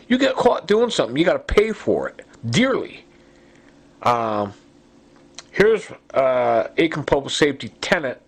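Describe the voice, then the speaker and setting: A man in an urgent, rambling monologue, accusing people and stacking fillers and asides as he talks. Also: medium pitch. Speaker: self-recorded complainant. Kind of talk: agitated monologue.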